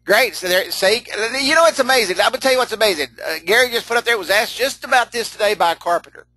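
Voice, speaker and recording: A man's voice: high-pitched, expressive, quick pace, bright, forceful tone, dry recording, rough recording. A middle-aged man leading a live online training session, folksy and chatty, laughing often, repeating himself and answering chat comments as he goes.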